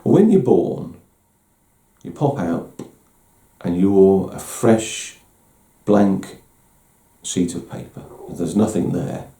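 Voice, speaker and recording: Low gravelly man, roomy echo. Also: expressive, slow pace, mellow. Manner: candid, self-deprecating, with frequent restarts. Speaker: host. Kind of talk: reflective personal talk.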